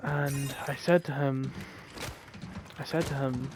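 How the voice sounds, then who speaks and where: A man slowly telling a heartfelt story in an earnest way, often repeating his phrases. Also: mid-range voice, steady tone, noisy background. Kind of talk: storytelling monologue over gameplay.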